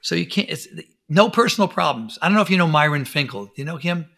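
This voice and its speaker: A middle-aged man with a somewhat high voice tells stories in a relaxed interview. He moves between easy chat and lively retelling, putting on voices for the people he quotes. His talk is animated and full of examples. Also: quick pace, vocal fry. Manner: animated storyteller, acts out quotes. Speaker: podcast guest, dentist. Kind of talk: conversational interview.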